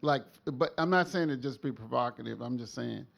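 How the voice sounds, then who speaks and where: A man with a gravelly, fry-laden voice at a mid pitch speaks on a panel. He talks quickly and rambles. He keeps qualifying what he has just said. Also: a bit bright. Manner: rapid, rambling, hedging. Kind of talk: talk discussion.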